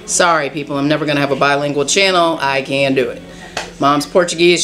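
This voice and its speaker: A woman's voice: low voice, a bit bright. A woman with a Southern US accent chatting casually in a home vlog, folksy and talkative, filming herself with a handheld camera. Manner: chatty, folksy, says y'all a lot. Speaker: vlogger. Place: home, indoors and in the yard.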